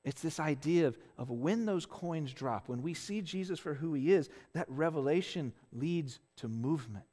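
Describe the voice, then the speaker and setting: A man's voice: a little high, expressive, normal speed, dark tone, long reverb tail. A man preaching a conversational sermon as a pastor, earnest, often restarting phrases and checking in with "right?". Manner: earnest, with frequent restarts and tag questions.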